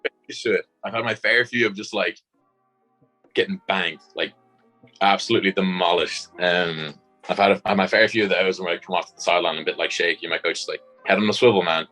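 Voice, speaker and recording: Young man, Dublin accent, very low pitch, bright tone, rambling casual chat, faint music behind. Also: fairly even intonation, a little fast, low-quality recording. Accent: Dublin Irish. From Ireland. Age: young adult. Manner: rambling, many "like" and "um" fillers. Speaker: guest, college punter.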